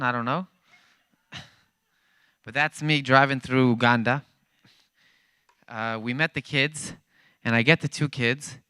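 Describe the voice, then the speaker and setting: A man preaching to a church congregation, acting out each character in his story with lively energy. His voice is bright and smooth, and it is recorded close and dry. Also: fairly high pitch, no echo. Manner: animated storyteller acting out dialogue. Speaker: guest speaker at a church.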